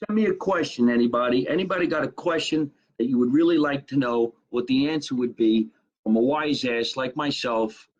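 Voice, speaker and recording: Man, middle-aged, from Jersey City, wisecracking comedian, live stream from a kitchen, mid pitch, muffled lo-fi audio. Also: fairly quick. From Jersey City, New Jersey. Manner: brash wisecracking, thanks viewers by name. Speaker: comedian hosting a live show. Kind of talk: casual live-stream chat reading viewer comments. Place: small apartment kitchen.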